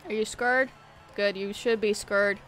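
A woman's voice: medium pitch, fairly even intonation, a little slow, a bit bright, soft background music. A young woman streaming a racing game, chatting casually and playfully teasing her viewers. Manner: playful, teasing, talks straight to chat. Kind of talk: casual live-stream gaming chat.

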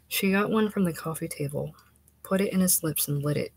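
Low, husky woman narrating a story. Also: wildly swooping pitch, a little fast, a little mellow, no echo, poor audio. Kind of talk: audiobook reading of a literary short story.

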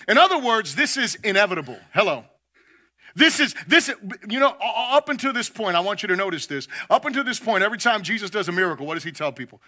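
A man's voice: lively intonation, brisk. A man preaching a sermon, emphatic, stumbling over repeated words as he builds each point. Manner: voices quoted figures louder and higher. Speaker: pastor.

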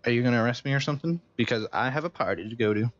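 A man's voice: mid-range voice, animated, racing, no room sound, close to an everyday voice. A man voicing a sardonic, awkward young adult female cat in a video game, reading her lines dryly. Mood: sarcastic. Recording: dull dry game capture with music.

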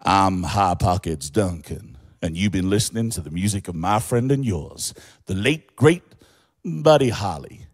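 A male radio announcer with a Texan accent talks low and slow, every word drawn out, as an English man does the voice. The tone sits well below his normal pitch and moves at an unhurried radio pace. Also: animated, no room sound, clean studio sound. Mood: announcing. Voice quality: deep, slow drawl.

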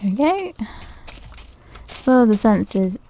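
A woman's voice: on the high side, very animated, takes it slowly, warm tone, slight background noise. A woman giving casual let's-play commentary, thinking aloud nervously, often laughing and dropping to a whisper. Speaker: gaming video creator.

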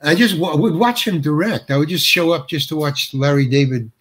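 An older male actor spins stories in an interview, breaking off and starting over as he chuckles through them. His voice is husky and sits a little high for a man. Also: brisk, a bit bright. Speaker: actor guest. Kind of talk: anecdotal interview storytelling.

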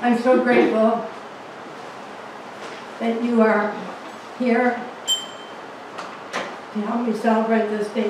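A woman of a hundred years speaks in a halting, heartfelt way, repeating words as she gathers herself. Her voice is caught from a distance in a very reverberant room, with steady background noise. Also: a little high. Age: 100 years old. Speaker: birthday guest of honor. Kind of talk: heartfelt thank-you speech. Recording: echoey room from far off with noise.

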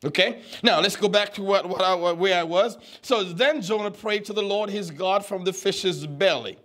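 A man in his twenties preaching a sermon, teaching the Bible with animated, teasing questions to his congregation. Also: high voice, normal speed. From U.S. Virgin Islands. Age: 20s.

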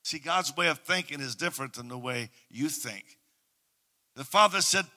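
A man with a Canadian accent preaching a Pentecostal sermon as pastor, moving from hushed, quiet passages to loud shouted declarations. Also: high-pitched, a little slow. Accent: Canadian English.

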